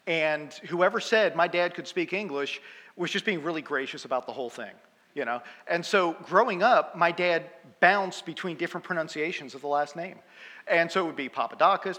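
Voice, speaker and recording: A man in his fifties preaching with a bright, forceful voice that sits a little high. He tells stories in a chatty, self-deprecating way and laughs at his own jokes. The sound carries the long reverb of a church hall. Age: 50s. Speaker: guest preacher. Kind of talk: humorous storytelling sermon.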